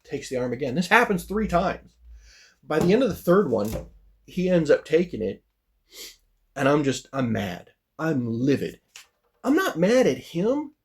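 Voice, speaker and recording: A man's voice: on the high side, lively intonation, normal speed, long pauses. A man telling a personal story in a casual vlog, rambling with lots of "you know" and "like" and voice jumps up when he gets worked up. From United States. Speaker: vlogger.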